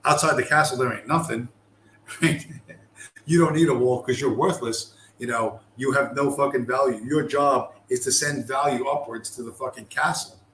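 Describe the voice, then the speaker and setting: A man's voice: medium pitch, moderate pace, fairly bright tone. A man delivering a profane, emphatic ranting monologue, hammering his points with repetition and swearing. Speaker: show host. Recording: roomy with faint background noise.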